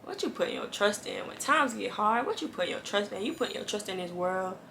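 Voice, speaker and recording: A woman speaks in a bright, sharp tone with a gravelly fry running through her voice. She gives a casual devotional talk straight to camera. Her delivery is earnest and emphatic, with lines repeated for weight. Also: medium pitch, lively intonation, fairly quick, a little hiss or hum. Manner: earnest, encouraging, talks straight to viewers. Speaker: Christian faith vlogger.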